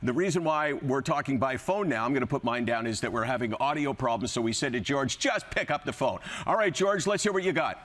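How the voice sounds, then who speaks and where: A man's voice: medium pitch, lively intonation, quick pace, hardly any pauses, a bit bright. A man hosting a talk show, asking direct, wry questions in a casual interview.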